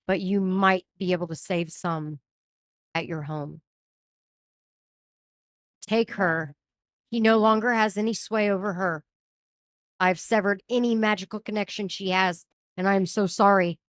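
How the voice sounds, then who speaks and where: A woman voicing a grave, sorrowful male gravedigger in a live tabletop game, speaking low, quiet and measured. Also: fairly even intonation, no echo, studio quality. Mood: solemn.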